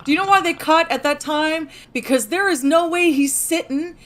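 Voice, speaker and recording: A woman's voice: high voice, moderate pace, fairly bright tone. A woman co-hosting a podcast in casual chat, telling stories in an exasperated, laughing way. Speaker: podcast co-host.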